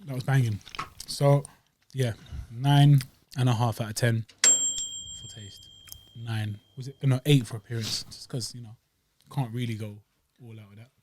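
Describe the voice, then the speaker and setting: A man's voice: medium pitch, steady tone, unhurried, long pauses, darkish tone, a little hiss or hum. Slangy jokey man. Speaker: podcast co-host. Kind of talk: casual chat.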